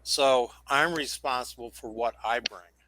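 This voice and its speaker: A man's voice: mid-range voice, unhurried, background noise. A man sincerely sharing a personal lesson in a casual group discussion, talking in bursts.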